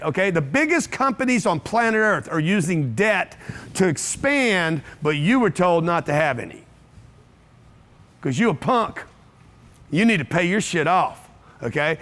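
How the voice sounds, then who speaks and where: Speaking to an audience at a live seminar, this male motivational speaker sounds high-pitched and a little bright. His delivery is blunt and laced with profanity, punctuated by one rhetorical question after another.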